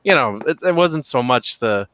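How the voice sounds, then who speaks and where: A man's voice: mid-range voice, expressive, normal speed, fairly bright tone, no room sound. A man hosting a casual group video chat, telling a rambling story with frequent laughs and fillers. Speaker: podcast host.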